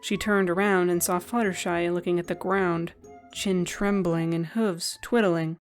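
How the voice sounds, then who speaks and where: A woman narrating a fan-fiction story in a gentle, even reading style. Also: lowish voice.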